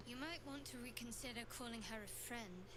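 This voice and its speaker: A woman's voice: on the high side, brisk, background noise, lightly acted. An actress playing a resolute young woman who survived a shipwreck, speaking matter-of-factly in video game dialogue.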